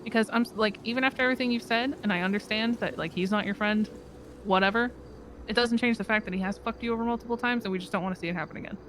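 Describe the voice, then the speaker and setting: A fellow player recounting events in character during a game roleplay, rambling and quoting others with quick laughs. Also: mid-range voice, fairly bright tone, slight background noise. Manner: rambling storyteller, quotes others, laughs mid-sentence.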